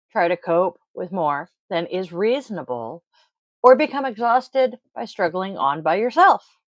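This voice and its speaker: A woman's voice: mid-range voice, sing-song, moderate pace, no echo, poor audio. A woman hosting a daily tarot and oracle card reading, talking casually with blunt swearing and rambling asides. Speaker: tarot reader and host. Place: home, family audible off-mic.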